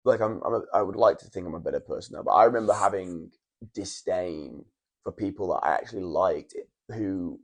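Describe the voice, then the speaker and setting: A man's voice: deep voice, a little fast. A young man, a wrestler, telling long stories in a casual podcast chat in a hotel room, with restarts and swearing. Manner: rambling storytelling, frequent restarts and swearing.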